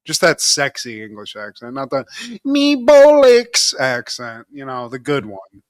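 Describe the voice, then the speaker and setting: A man's voice: medium pitch, moderate pace, bright, forceful tone, no echo. Laid-back joking man, dry close mic. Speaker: podcast co-host. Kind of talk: casual chat.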